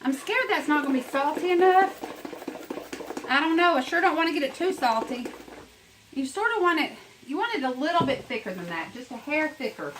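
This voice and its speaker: A woman's voice: high voice, sing-song, brisk, a bit bright, slight background noise, rough recording. A woman chatting her way through a home cooking demonstration, rambling and talking straight to her viewers in her kitchen.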